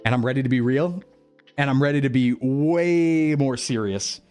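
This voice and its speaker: In a clean, darkish, medium-pitched voice at normal speed, a young man chats as a VTuber over faint background music. The stream talk is reflective and meandering, with lots of laughter and repeated phrases.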